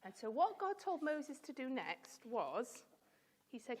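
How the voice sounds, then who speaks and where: A woman's voice: high-pitched, big pitch swings, slow, a little mellow. A woman leading a children's Bible talk in a church, telling the story expressively and asking the children questions. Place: church hall. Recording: long reverb of a church hall.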